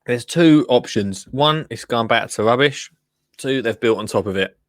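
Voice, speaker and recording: A man's voice: medium pitch, normal speed, no room sound, clean studio sound. A man hosting a podcast, casually commenting on a TV show with teasing, joking asides. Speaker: podcast host.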